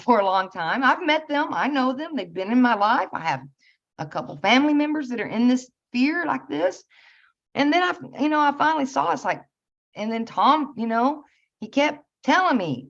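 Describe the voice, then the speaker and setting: A woman giving a casual spiritual talk, earnest and meandering, with soft laughs and many fillers. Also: fairly high pitch. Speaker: spiritual channel host. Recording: slightly dull lo-fi audio.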